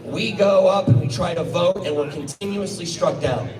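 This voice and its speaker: A man's voice: high-pitched, moderate pace, noisy background. A man giving a blunt, combative outdoor rally speech. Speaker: rally speaker. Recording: echoey, from far off, crowd behind.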